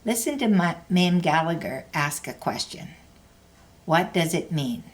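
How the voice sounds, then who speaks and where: A woman's voice: on the low side, expressive, unhurried. A woman teaching a language lesson, explaining grammar carefully in a scripted narration.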